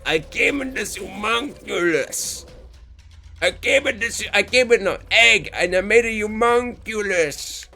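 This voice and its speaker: A man's voice: high voice, lively intonation, unhurried, pushed and bright, a little hiss or hum, voice pushed up, full character voice. A man doing a boastful Russian homunculus maker. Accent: put-on Russian.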